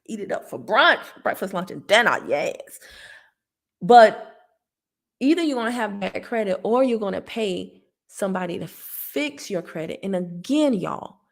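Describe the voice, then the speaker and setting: A woman's voice: medium pitch, big pitch swings, unhurried, gravelly. A woman with a Southern American accent, a credit tips host talking casually and preachily as she answers a viewer, laughing as she goes. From Southern United States.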